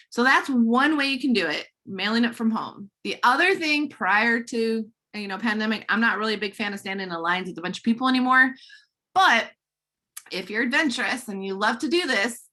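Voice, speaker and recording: A woman giving casual selling tips on a group call, chatty, with quick asides and little acted-out dialogues. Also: fairly high pitch, sharp tone. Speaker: network marketing presenter.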